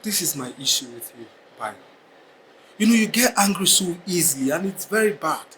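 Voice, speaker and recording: A man's voice: a little high, lively intonation, moderate pace, fairly bright tone, a little hiss or hum, low-quality recording. An actor with a Nigerian accent playing a friend who firmly reasons with and lectures a hot-tempered man. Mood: reasoning. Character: level-headed male friend scolding a hot-tempered man. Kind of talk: film drama acting.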